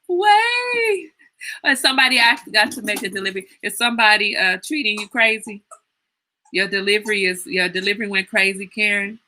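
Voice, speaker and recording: Bright-voiced, animated woman storyteller. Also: medium pitch, normal speed, low-quality recording. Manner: animated storyteller, laughs often, teasing. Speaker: livestream host. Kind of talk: casual livestream chat.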